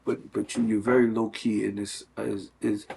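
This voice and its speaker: A man's voice: fairly low pitch, flat delivery, moderate pace, vocal fry, noisy background. A middle-aged man talking earnestly in a casual conversation, with many fillers and restarts. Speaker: guest.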